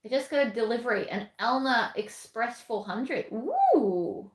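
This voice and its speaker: A woman's voice: a little high, sing-song, measured pace, echoey room. A woman with an Australian accent chatting casually while she sews, answering viewer comments bluntly. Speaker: sewing livestream host. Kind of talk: casual chat while sewing.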